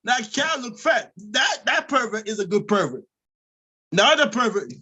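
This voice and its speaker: Loud high-voiced man ranting. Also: normal speed, husky. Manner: loud, rambling, animated storytelling. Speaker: live stream host. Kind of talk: unscripted comedic rant.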